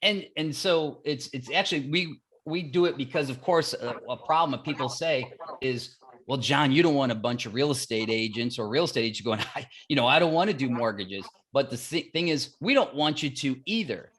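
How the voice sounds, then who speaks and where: A man speaking as a podcast guest at a medium pitch. He talks in animated stories, acting out both sides of conversations and repeating key phrases for emphasis. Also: fairly quick. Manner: animated storytelling, acts out dialogue. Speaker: mortgage platform guest. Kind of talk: podcast interview.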